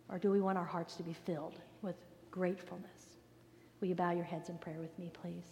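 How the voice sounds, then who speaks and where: A woman pastor giving a sermon, earnest and emphatic, sometimes dropping to a soft near-whisper. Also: lowish voice, fairly even intonation, fairly quick, slight background noise. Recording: long reverb of a large hall.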